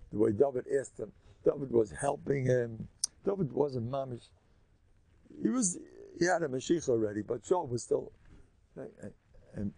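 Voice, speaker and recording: An older man gives a Torah class as a colloquial, animated story, mixing in Hebrew and Yiddish words. His voice is gravelly and a bit husky. It is recorded close on a dry mic. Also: medium pitch, no echo. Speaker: rabbi giving a Torah class.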